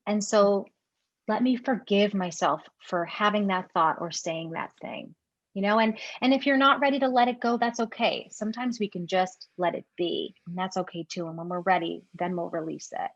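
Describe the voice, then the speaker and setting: A woman parenting coach speaks in a gentle, earnest way, often doubling words as she gathers her thoughts. Her voice comes through a dull, lo-fi remote line. The sound is dry, with no echo. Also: mid-range voice, normal speed. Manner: earnest, gentle, repeats words while thinking. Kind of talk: reflective advice-giving conversation. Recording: dry, dull lo-fi call audio.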